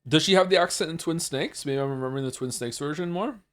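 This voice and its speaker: A man's voice: a little high, fast talker, a bit bright. A man streaming a game live, reading viewer chat aloud and answering it in a talkative, wry way.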